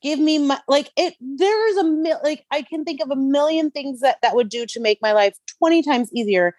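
A woman's voice: high voice, moderate pace, dry recording. A woman co-hosting a casual podcast, recapping a TV episode and animatedly acting out what people said. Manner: animated, acts out quotes from the show. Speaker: podcast co-host.

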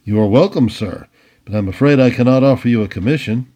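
A man voicing a firm, dignified army general who speaks formally, in a husky voice. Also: mid-range voice, fast talker, mellow, close to an everyday voice.

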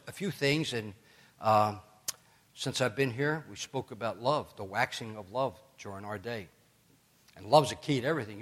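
Chatty joking pastor, a man. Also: mid-range voice. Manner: chatty, joking asides with laughter, animated storytelling. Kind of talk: sermon.

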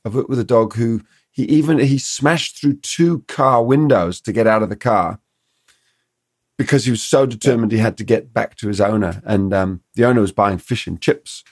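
A man's voice: lowish voice, normal speed, slightly rough, no room sound, clean studio sound. A middle-aged man, a dog trainer in a podcast conversation, explaining his ideas and acting out little quotes from dogs and owners. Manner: animated storyteller, acts out dog and owner quotes.

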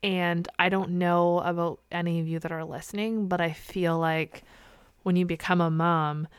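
Candid, exasperated woman podcaster, low-pitched. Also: flat delivery, normal speed, clean tone, no room sound. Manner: candid, exasperated, swears casually. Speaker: podcast host. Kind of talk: solo podcast monologue.

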